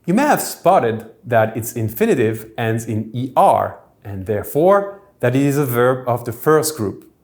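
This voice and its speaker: A man teaching a beginner French lesson, explaining grammar step by step and saying the French examples slowly and clearly. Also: mid-range voice, very animated, darkish tone. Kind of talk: recorded language lesson. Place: church hall classroom.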